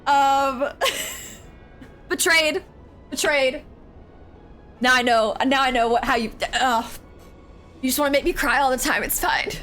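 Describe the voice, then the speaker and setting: A young woman streaming a game, chatting casually, excitable, giggly and emotional. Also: high voice, unhurried, long pauses, soft background music.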